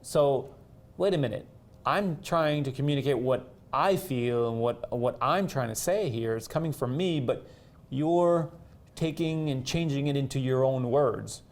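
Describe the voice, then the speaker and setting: A man with a gravelly, mid-pitched voice talks through a personal memory. His first language is French, and he often stops and restarts, repeating words as he searches for them. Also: measured pace, a little mellow. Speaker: co-host. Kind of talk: reflective conversation.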